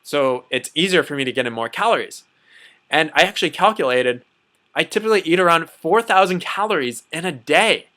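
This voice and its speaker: Bright-voiced chatty man vlogging. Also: a little high, expressive, brisk. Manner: chatty, repeats himself, lots of "you know". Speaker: diet vlogger. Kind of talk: casual talk to camera.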